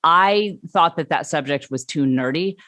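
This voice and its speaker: A woman, a comedian guest telling stories in an animated, emphatic way. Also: low-pitched, a little slow, no room sound, studio quality. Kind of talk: casual interview chat.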